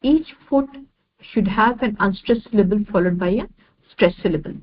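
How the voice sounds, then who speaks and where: A woman giving an online lecture over slides, measured and repeating each definition step by step. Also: mid-range voice, muffled recording.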